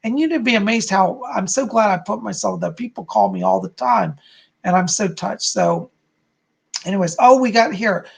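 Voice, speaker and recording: A man's voice: high voice, lively intonation, vocal fry. A man hosting a live astrology stream, reading out viewer comments in a chatty, encouraging way. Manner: chatty and encouraging, speeds up and slows down; laughs at himself, easily sidetracked.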